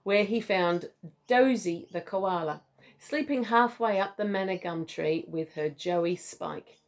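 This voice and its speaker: A woman's voice: medium pitch, slow. A mother reading a picture book aloud to her child, playful, with chatty asides.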